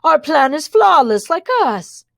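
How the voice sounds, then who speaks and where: Brief: a woman putting on snooty storybook villain twins, loud, ranting, higher and brassier than her reading voice. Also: big pitch swings, unhurried, gravelly, no echo, studio quality, full character voice. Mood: haughty rant. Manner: haughty, ranting villains speaking in unison. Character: vain scheming thin twin sisters, ex-models. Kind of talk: storybook read-aloud.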